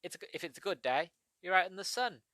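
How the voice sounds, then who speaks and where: Bright-voiced British man chatting on a podcast. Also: high-pitched, lively intonation, quick pace, dry recording. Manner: chatty, rambling, digressive. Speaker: podcast host. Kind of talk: casual solo podcast monologue.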